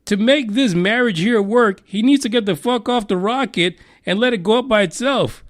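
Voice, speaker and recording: A man hosts a podcast news segment in a fairly high voice. He swears freely and mocks the story he reads, often breaking into laughter. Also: moderate pace, few pauses. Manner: profane, mocking, laughs while reading. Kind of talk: crude comedic news commentary.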